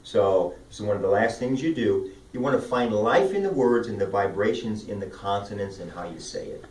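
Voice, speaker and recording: A man coaching speech and debate students, upbeat and demonstrative as he walks through vocal warm-up drills. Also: fairly low pitch, expressive, fairly quick. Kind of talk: instructional talk. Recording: roomy sound from a distant mic.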